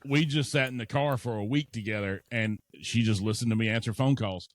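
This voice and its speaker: A man hosting a casual podcast interview, chatty and quick to agree and laugh. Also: lowish voice, fairly even intonation, dry recording. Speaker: podcast host.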